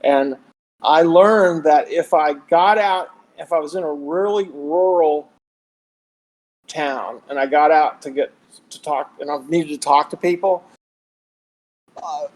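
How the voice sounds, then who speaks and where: Southern guy, high voice, rambly podcast storyteller who keeps restarting his sentences. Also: measured pace, low-quality recording. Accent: Southern American, Texas. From Southern United States. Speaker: podcast guest. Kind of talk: casual chat.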